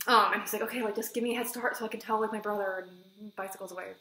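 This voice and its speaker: A woman reviewing books in a casual vlog, talking excitedly and filling her sentences with "like" as she retells a story. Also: mid-range voice, racing. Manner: chatty, fillers of "like", excitable retelling. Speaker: book reviewer. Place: room at home with a bookshelf. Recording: echoey room.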